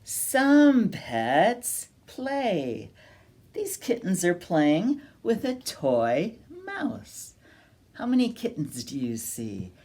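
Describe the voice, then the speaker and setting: A woman reading a picture book aloud at a children's storytime, slow and sing-song, inviting the children to join in. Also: on the low side, wildly swooping pitch, dark tone.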